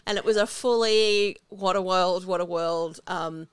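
A woman's voice: fairly low pitch, a little slow, smooth. A woman co-hosting a podcast in casual chat, enthusiastic and jokey. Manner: enthusiastic, jokey, reads from notes. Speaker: podcast co-host.

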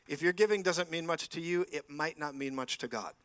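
A man's voice: fairly high pitch, fairly quick, fairly bright tone, clean tone, no room sound. A man preaching a sermon in church, telling stories animatedly and acting out the dialogue.

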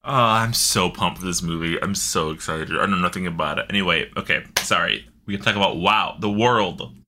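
A man co-hosting a casual gaming podcast, excitable, jokey and profane. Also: sits low, fairly quick, noisy background. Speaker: podcast co-host.

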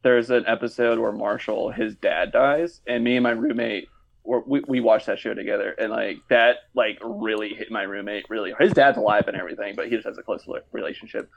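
A young man recounts anecdotes in a relaxed podcast chat, full of fillers and restarts. His voice has a gravelly fry, and he laughs easily. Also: lowish voice, fairly quick, muffled recording, slight background noise. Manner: rambling storyteller, hesitant, laughs often. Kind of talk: casual chat.

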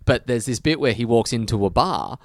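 A man co-hosting a podcast, chatting casually and animatedly, often laughing and rising in pitch when excited. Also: a little fast, dry recording, studio quality. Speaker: podcast co-host. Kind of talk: casual chat.

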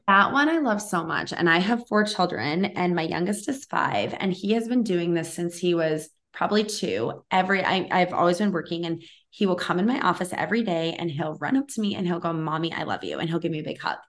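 A woman podcast host in her thirties, talking in a loose, chatty interview style. She gushes freely and strings her thoughts together with plenty of "like"s and quick restarts. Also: fairly low pitch, lively intonation. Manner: chatty and effusive, many "like"s. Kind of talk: casual interview chat.

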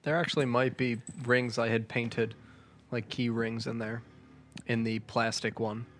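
A man playing a tabletop game, talking quickly and checking the rules. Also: mid-range voice, little pitch movement, a bit bright, slight background noise. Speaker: player. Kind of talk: casual tabletop play.

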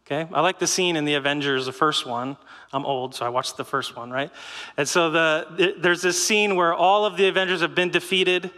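A middle-aged man giving a sermon in a lively, conversational way, with rhetorical questions and short laughs. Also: a little high, big-room sound. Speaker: pastor.

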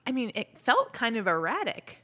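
A woman's voice: on the high side, huge pitch swings, normal speed, sharp tone. Woman trading dry podcast banter. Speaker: podcast co-host. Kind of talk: comedic episode recap chat.

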